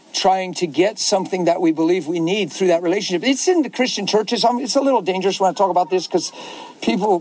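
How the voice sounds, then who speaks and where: Man preaching fervently in a high voice. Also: darkish tone, rough recording. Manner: fervent, rising to emphatic exclamations. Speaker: pastor. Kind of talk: impassioned preaching in conversation.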